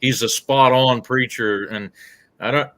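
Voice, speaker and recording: A man's voice: medium pitch, steady tone, measured pace, a bit bright, no room sound, rough recording. A man, talking in a folksy, plainspoken way in a casual chat.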